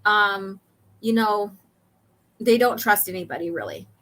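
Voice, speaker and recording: A woman hosting a casual chat, walking through comic pages and reading lines aloud with many pauses. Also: mid-range voice, animated, a bit bright. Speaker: host.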